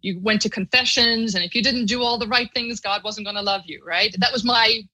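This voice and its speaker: A middle-aged woman from Ireland with an Irish accent, a podcast guest telling her personal story in an earnest, animated way. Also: on the high side, fairly quick, rough recording.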